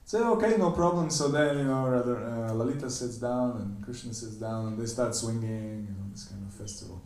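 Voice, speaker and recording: A man giving a temple lecture, animatedly telling a story and acting out the characters' quoted lines in a higher voice. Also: level tone, brisk, a little mellow. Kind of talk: storytelling sermon. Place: temple hall. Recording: echoey room, voice from a distance.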